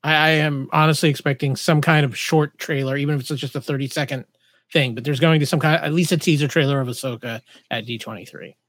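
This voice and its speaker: A man's voice: on the high side, steady tone, fast talker, fairly bright tone, no room sound, studio quality. A man co-hosting a casual podcast chat, eager and stammering on his restarts. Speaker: podcast co-host.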